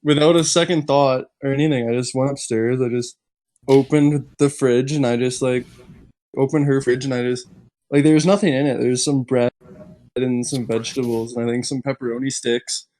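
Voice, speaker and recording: A man's voice: mid-range voice, steady tone, normal speed, dark tone, rough recording. Rambling young man telling a story. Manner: rambling, heavy use of "like", laughs while telling. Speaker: podcast guest telling a story. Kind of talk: casual chat.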